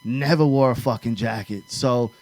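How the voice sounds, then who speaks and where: A man from New York spinning profane stories in a casual chat, jumping into his friends' voices as he goes. His voice sits at an ordinary middle pitch. The sound is dry and close to the mic. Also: normal speed, no room sound. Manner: profane, animated storyteller acting out friends' lines. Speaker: podcast co-host.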